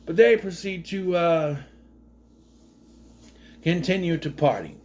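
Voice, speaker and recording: A man's voice: fairly high pitch, slow, a little mellow, slight background noise. A man casually recapping a movie, rambling with fillers and restarts and dropping sardonic, questioning asides. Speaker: movie commentary host.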